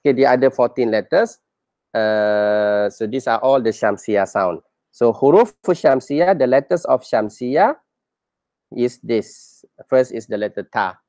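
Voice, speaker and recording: A man's voice: mid-range voice, unhurried, darkish tone, no room sound. A man teaching a reading lesson, patiently saying each example several times and quizzing his learners as he goes.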